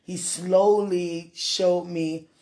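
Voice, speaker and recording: Slow, heartfelt woman praying aloud. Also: lowish voice, steady tone. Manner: heartfelt, tearful, halting, with soft laughs and sighs. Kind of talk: emotional spoken prayer and personal message.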